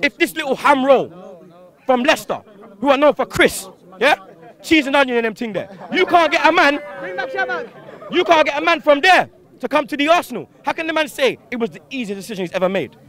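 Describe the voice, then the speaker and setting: A man's voice: very high-pitched, lively intonation, a little fast, fairly bright tone. A young man, a football fan ranting outdoors after a match, heated and full of slang and swearing. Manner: heated, swearing, slang-heavy, rhetorical questions. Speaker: fan interviewee. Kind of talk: angry post-match fan rant.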